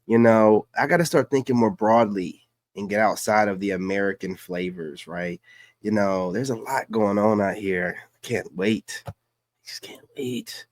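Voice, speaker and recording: A man with a low voice hosts a casual livestream. He reacts to clips in loose, emphatic street talk. The sound is dry and close to the mic. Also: moderate pace, no room sound. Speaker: livestream host.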